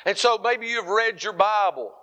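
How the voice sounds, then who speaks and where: A middle-aged male pastor preaching an animated sermon, moving between loud, emphatic lines and softer, quiet ones. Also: high-pitched, normal speed, dull audio.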